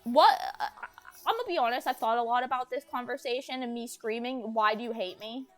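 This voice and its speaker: Young adult woman streamer, bright high register, heated storytime delivery, profane, animated re-enactments. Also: a little fast, soft background music. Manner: agitated, swears, acts out quotes in raised voice. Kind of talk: emotional storytime chat.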